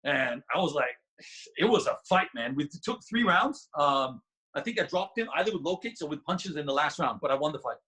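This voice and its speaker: Male podcast guest, husky, animated storyteller. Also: on the high side, brisk, rough recording. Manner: animated, laughing, many restarts. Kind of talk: casual storytelling.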